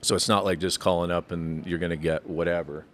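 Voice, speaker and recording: A man's voice: low voice, steady tone, fairly quick. A man as a brewery guest on a casual podcast, giving thoughtful, rambling explanations with frequent self-corrections and lifting his voice when he jokes.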